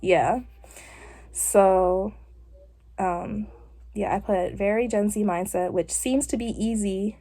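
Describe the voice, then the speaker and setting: A young woman vlogs casually while getting her hair done, chatting in a rambling way with frequent fillers. Her mid-range voice is mellow, with fairly even intonation, a slow pace, and long pauses.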